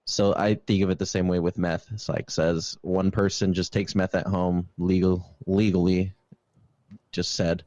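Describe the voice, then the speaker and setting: A man's voice: low voice, level tone, measured pace, a little mellow, no echo, highs cut off. A young man hosting a casual podcast chat, talking in a laid-back, rambling way with fillers. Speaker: podcast host.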